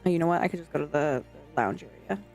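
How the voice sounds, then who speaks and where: A woman's voice: low-pitched, fast, a little mellow. A young adult woman streamer chatting casually and scatteredly with her chat, swearing now and then. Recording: faint music behind.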